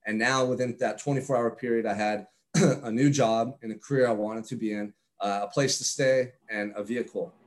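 A man's voice: medium pitch, fairly even intonation, normal speed. Earnest male podcast guest, blunt. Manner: earnest, candid, blunt with casual swearing. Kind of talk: casual interview chat.

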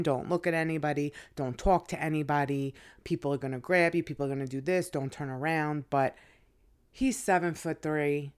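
A woman co-hosting a podcast as a guest, telling gossip stories in a relaxed, chatty way. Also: sits low, smooth. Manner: laid-back, chatty storyteller. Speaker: guest co-host. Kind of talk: casual podcast chat.

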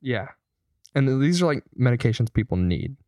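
A man's voice: medium pitch, sing-song, a little fast, a little mellow, no room sound, clean studio sound. A young man co-hosting a podcast, telling stories loosely and swearing freely in casual chat. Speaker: podcast co-host.

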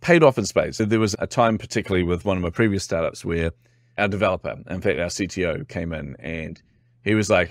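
A man's voice: sits low, fairly quick, no echo, clean studio sound. A man from New Zealand with a New Zealand accent, a guest telling stories in a casual interview, acting out quotes and laughing often. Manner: animated storyteller, acts out quotes, laughs often.

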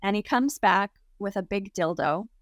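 A woman's voice: mid-range voice, normal speed, no echo, clean studio sound. Chatty young woman telling a wild story. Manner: chatty, heavy use of "like" fillers. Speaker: interview guest. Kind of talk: casual storytelling.

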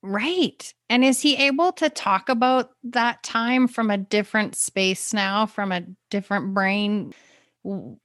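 A woman's voice: mid-range voice, fairly bright tone, dry recording, clean studio sound. Encouraging woman podcast host. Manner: encouraging, frequent short affirmations. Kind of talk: casual podcast interview.

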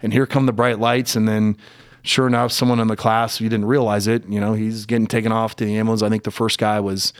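A middle-aged man tells a personal story in a candid, halting way, and his voice sometimes wavers with emotion. He sits close to the mic in a dry room with no echo. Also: on the low side, little pitch movement. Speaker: podcast guest.

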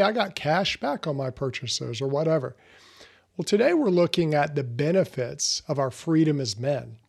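Guy doing a podcast, earnest and chatty, a bit high pitched. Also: a little mellow. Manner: earnest, conversational, with fillers and restarts. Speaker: podcast host. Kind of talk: motivational podcast talk.

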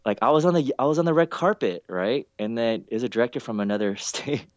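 A man chatting casually, telling animated stories and acting out other people's lines. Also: fast talker, no echo, lo-fi sound. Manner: animated storyteller, acts out quotes with big pitch jumps. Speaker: event organizer. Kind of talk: casual chat, storytelling.

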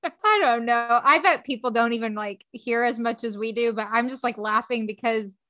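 Giggly twenty-something woman from texas, bright voice, casual podcast chat. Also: on the high side, normal speed. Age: 20s. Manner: giggly, self-mocking. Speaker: podcast co-host.

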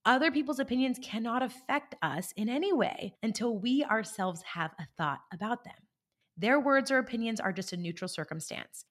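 A woman hosting a podcast, talking listeners through a coaching idea in a casual, animated way and checking in with them as she goes. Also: on the high side. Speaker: podcast host and life coach. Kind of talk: conversational coaching monologue.

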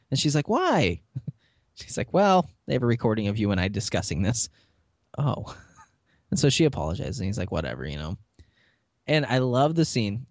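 A man's voice: on the low side, creaky, no echo. A man hosting a podcast, chatting casually as he recaps a TV episode and acts out the characters' lines. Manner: lively retelling, acting out characters' lines with laughs. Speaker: podcast host.

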